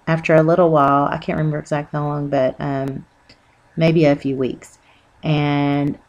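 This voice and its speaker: A woman telling an earnest, rambling personal religious testimony with many pauses and fillers. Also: sits low, a little mellow, dull audio. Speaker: Christian testimony speaker.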